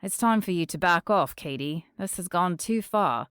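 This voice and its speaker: A woman voicing a young man in an audiobook, speaking low, quiet and firm. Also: animated, normal speed, smooth, no echo, clean studio sound. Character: young man, a gentle musician, firm when pushed.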